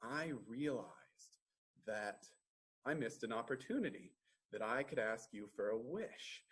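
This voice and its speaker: A greedy storybook fisherman who hums and muses aloud over his wishes, as a man reads him. He talks slowly in a husky, everyday voice. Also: mid-range voice, fairly bright tone. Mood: musing. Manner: musing, thinking aloud with hums. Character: greedy, wondering male fisherman.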